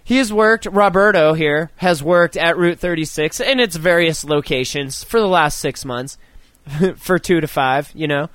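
A man co-hosting a podcast, chatting and reading an article aloud, animated and joking, with frequent swearing. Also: fairly high pitch, unhurried, no echo. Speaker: podcast co-host.

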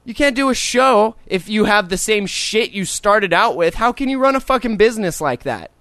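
Young male podcast host, high voice, dry close sound, profane exasperated rants. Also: animated, normal speed, a bit bright, clean tone, dry recording. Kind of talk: casual ranting podcast chat.

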